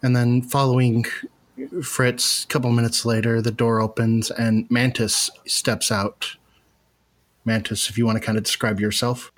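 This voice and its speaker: A man narrating as game master of a tabletop game, relaxed and casual with many fillers. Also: mid-range voice, measured pace.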